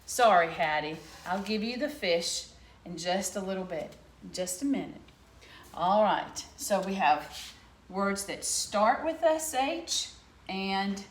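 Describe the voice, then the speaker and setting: A middle-aged woman teaching young children a phonics lesson from home into a laptop camera, sounding out letters slowly and clearly. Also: lowish voice, roomy sound. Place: home room.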